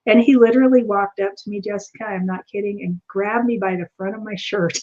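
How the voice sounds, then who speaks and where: A woman guest tells a personal story with lively energy and acts out each line of dialogue. Her voice sits at a middle pitch. The audio is a little dull and lo-fi. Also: fairly quick. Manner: animated, acts out quoted dialogue. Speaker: returning guest.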